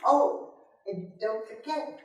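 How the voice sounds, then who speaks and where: A woman's voice: a little high, slow pace, dull audio, a little hiss or hum. An older woman playing a doting, guilt-tripping mother who nags her grown son on the phone, in a melodramatic, sighing manner. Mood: nagging. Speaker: amateur skit performer. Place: senior center hall. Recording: echoey hall from far off.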